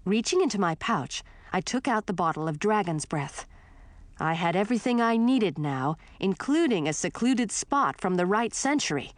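A woman reading a fantasy story aloud as narrator, in a clear storytelling read. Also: medium pitch, expressive, moderate pace, no echo. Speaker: audiobook narrator. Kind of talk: scripted narration.

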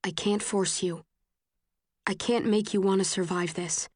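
A woman voicing a stern young man, a rebel fighter who speaks low, firm and direct. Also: steady tone, unhurried, a little mellow, dry recording, clean studio sound, close to an everyday voice. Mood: soft.

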